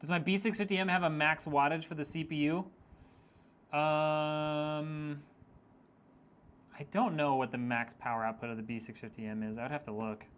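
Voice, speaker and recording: A man hosts a casual PC-building livestream, reading chat messages aloud into his microphone. His voice sits a little higher than most men's, and he teases his viewers in a loose, joking way, laughing often. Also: level tone, normal speed, a bit bright, clear, resonant tone. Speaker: streamer building PCs.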